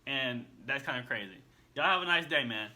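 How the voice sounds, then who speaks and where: A man's voice: mid-range voice, expressive, brisk, pushed and bright. A man hosting a reaction video, giving blunt casual commentary and peppering it with slang. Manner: blunt, repeats himself, slangy with "bro".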